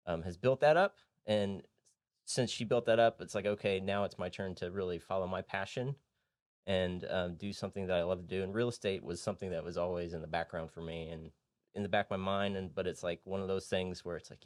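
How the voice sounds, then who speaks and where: A man's voice: low voice, no room sound. A man from Indianapolis, a real estate agent and podcast guest, telling his story in an earnest, rambling, easygoing way in a recording studio. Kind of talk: casual interview storytelling.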